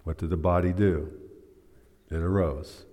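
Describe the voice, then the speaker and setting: Slow, low-voiced preacher in a hall. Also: male voice, steady tone, mellow. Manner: teaching with questions to the congregation. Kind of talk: sermon. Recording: long hall reverb.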